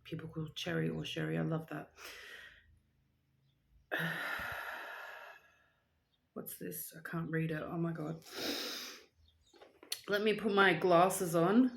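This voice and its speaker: A young woman vlogger chatting casually while reading out viewer shoutouts, playful and rambling. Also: sits low, little pitch movement, slow, gravelly, pauses often. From Australia. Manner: chatty and playful, with silly asides and rambling tangents.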